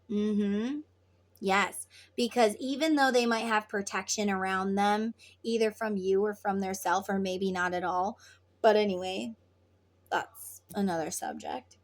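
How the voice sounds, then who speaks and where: Slow-talking higher-voiced woman tarot reader. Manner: earnest, repetitive, casual with swearing. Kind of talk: spiritual advice talk.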